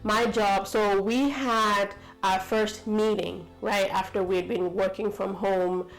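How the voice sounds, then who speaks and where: A woman's voice: medium pitch, steady tone, slow, faint music behind, poor audio. A woman from the United States telling a story to camera in a chatty, rambling way, full of fillers and asides. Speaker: vlogger.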